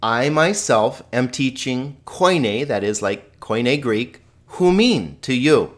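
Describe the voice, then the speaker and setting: A man's voice: medium pitch, lively intonation, slow. A man giving a recorded language lesson, chatty and upbeat, laughing often and stressing key words. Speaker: Greek teacher.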